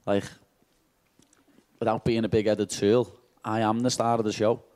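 A man's voice: lowish voice, little pitch movement, measured pace, a little mellow. A man with a Liverpool accent answering press conference questions after a fight, brash and cheeky and swearing freely.

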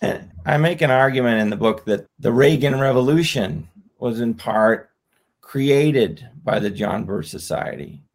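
A slightly hoarse man, an author guest on a podcast, explaining his argument in an earnest way and repeating his phrases. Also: mid-range voice, animated, measured pace. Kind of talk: podcast interview.

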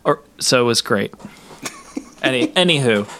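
A man's voice: mid-range voice, lively intonation, moderate pace, a bit bright. A man co-hosting a podcast in casual chat, wry and joking. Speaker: podcast co-host.

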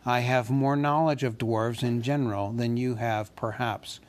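A man's voice: mid-range voice, steady tone, a little slow, lightly acted. A man reading a stately elf king. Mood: courtly.

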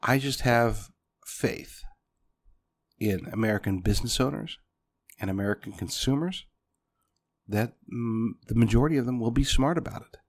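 A man's voice: mid-range voice, normal speed, pauses often. A man delivering a punchy political commentary monologue, speaking directly to his listeners as folks.

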